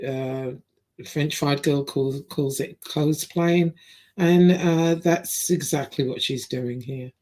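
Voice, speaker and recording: Woman, commentary host, blunt, rambling, casual reaction talk. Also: low voice. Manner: blunt, rambling with fillers and restarts.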